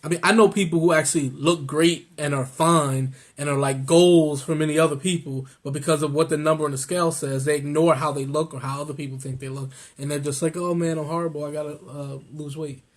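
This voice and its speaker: A laid-back man chatting on a vlog, his voice a bit higher than most men's. He jokes easily and slips into relaxed advice-giving. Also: a little fast, hardly any pauses. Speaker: co-host of a weight-loss vlog. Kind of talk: casual chat.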